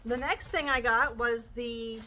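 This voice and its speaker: A woman's voice: on the high side, steady tone, unhurried, bright, forceful tone, slight background noise, rough recording. A woman chatting enthusiastically as she shows off her crochet purchases. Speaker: crochet vlogger. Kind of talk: casual show-and-tell chat.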